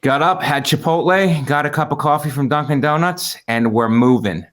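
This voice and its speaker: A man's voice: a little high, moderate pace, fairly bright tone. A man co-hosting a comedy podcast over a video call, rambling and cutting in with jokes, running on coffee and little sleep. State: over-caffeinated, short on sleep. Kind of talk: casual comedic chat.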